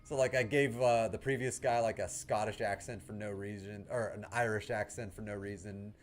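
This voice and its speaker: A man's voice: lowish voice, fairly even intonation, moderate pace, slight background noise. A man streaming a game, chatting casually with viewers, with lots of fillers and laughs. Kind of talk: casual livestream chat.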